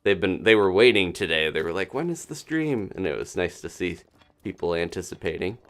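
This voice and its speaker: A man casually commentating his own gameplay on a live stream, chatting and thinking aloud with quick little laughs. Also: deep voice, animated. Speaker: gaming streamer.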